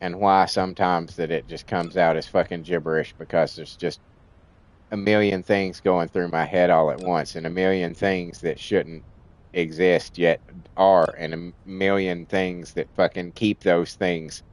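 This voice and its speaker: A man's voice: sits low, steady tone, a little slow, no room sound. A man streaming a game, venting in a rambling rant full of restarts and swearing, and in nicotine withdrawal. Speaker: livestream gamer.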